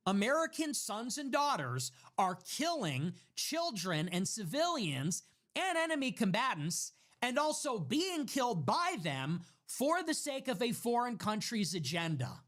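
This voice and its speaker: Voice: mid-range voice, big pitch swings, a little slow, fairly bright tone. An online commentator in an angry, profane, rambling monologue, with sarcastic asides. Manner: rambling with restarts and mocking asides. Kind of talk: ranting monologue.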